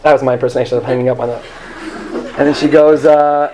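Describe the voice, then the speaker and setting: High-voiced man telling a rambling story. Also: a little fast, darkish tone. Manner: rambling, self-deprecating, jumps into high character voices. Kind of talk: live comic storytelling. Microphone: handheld microphone.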